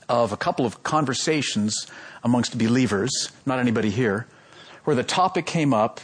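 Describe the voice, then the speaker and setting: A man in his role as pastor giving a sermon, calling out questions to his congregation and swinging between loud and soft. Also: mid-range voice, slightly rough.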